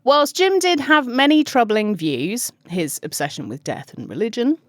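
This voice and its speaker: A British woman hosts a true crime podcast and reads the story with chatty, giggly asides. Her pitch climbs and falls a lot as she goes. The recording is close and dry, with no room sound. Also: very animated, moderate pace, no room sound. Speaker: podcast host.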